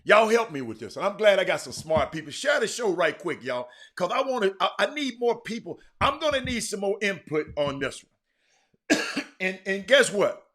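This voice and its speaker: A man hosting a live sports talk show, chatting with viewers by name, animated and repeating words as he goes. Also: high voice, moderate pace. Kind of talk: live-stream chat with viewers.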